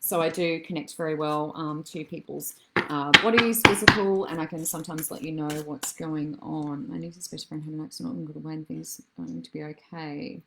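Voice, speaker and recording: A woman with a slightly low voice gives psychic readings on a live stream and answers viewers' comments as they come in. She is affectionate and calls people darling and love. She drifts from thought to thought with easy fillers. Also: lively intonation, fairly quick, vocal fry, heavy background noise. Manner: chatty and meandering, many soft fillers. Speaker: psychic medium and healer.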